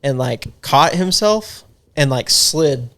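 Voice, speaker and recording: A man's voice: fairly high pitch, lively intonation, slow, fairly bright tone. A young man, a podcast guest, telling rambling, profane party stories in casual chat. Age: young adult. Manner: rambling, profane, laughing storyteller. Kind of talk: casual storytelling.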